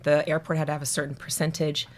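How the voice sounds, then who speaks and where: A woman's voice: deep voice, quick pace, slight background noise. A woman from Atlanta, a podcast guest telling family stories in a casual chat, acting out the people she quotes. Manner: animated storyteller, acts out quotes.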